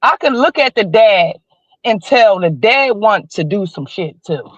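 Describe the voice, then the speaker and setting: A woman's voice: medium pitch, lively intonation, unhurried, no echo. A woman in her forties, calling in as a livestream guest, giving heated commentary in blunt, emphatic slang. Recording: slightly dull dry stream audio.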